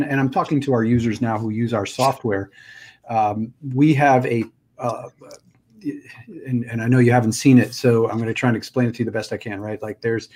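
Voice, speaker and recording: A man's voice: medium pitch, a little mellow. Laid-back guy hosting, talks it through casually, restarts a lot. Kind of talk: casual conversation.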